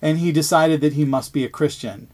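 A man's voice: on the high side, fairly quick, a little mellow. A father in a casual chat, speaking earnestly and reflectively about what he wants to teach his children. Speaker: parent, podcast guest.

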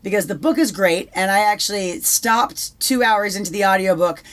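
A woman's voice: mid-range voice, normal speed, fairly bright tone. A young woman co-hosting a casual talk show, swearing freely and restarting her sentences. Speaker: podcast co-host. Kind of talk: casual chat.

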